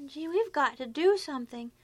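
A naive young secretary with a very high, breathy voice. Her lines swing widely up and down, delivered in a dry, close 1950s radio sitcom style. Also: lively intonation, moderate pace, darkish tone, dry recording. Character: scatterbrained young woman secretary, sweet and naive.

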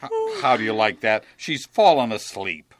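A man's voice: on the low side, animated, moderate pace, natural voice. An actor playing a sarcastic, exasperated middle-aged lawyer scolding his secretary in a 1950s radio sitcom. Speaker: boss.

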